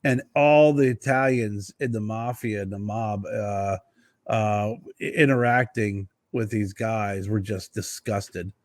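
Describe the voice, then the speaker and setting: A man co-hosting a casual podcast, telling animated stories and peppering his speech with mild swearing. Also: lowish voice, slow pace, no echo. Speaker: podcast co-host. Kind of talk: casual chat.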